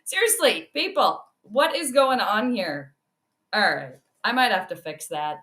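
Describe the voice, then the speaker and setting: A woman's voice: medium pitch, big pitch swings, measured pace, bright, forceful tone. A woman hosting a casual livestream, chatting and greeting viewers by name with frequent laughs. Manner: laughs often between remarks. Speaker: livestream host. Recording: roomy echo.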